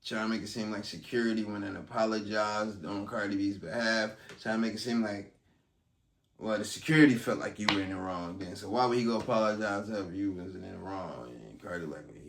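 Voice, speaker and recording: A man's voice: on the low side, brisk. A man recapping events in a loose, conversational vlog, with lots of ums. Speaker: vlogger recapping a court trial. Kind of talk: casual commentary. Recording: roomy sound, distant from mic.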